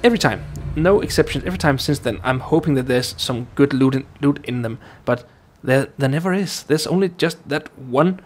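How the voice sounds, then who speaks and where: A man's voice: medium pitch, a little fast, few pauses, slight background noise. Rambling man narrating his gameplay. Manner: rambling, self-chatting with fillers and restarts. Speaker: gaming YouTuber. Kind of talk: casual let's play commentary.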